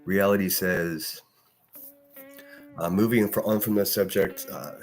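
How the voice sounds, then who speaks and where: A man's voice: low voice, steady tone, measured pace, faint music behind. A man hosting a solo live stream, ranting with heavy profanity and answering chat comments. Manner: profane, heated, combative. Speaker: live-stream podcast host.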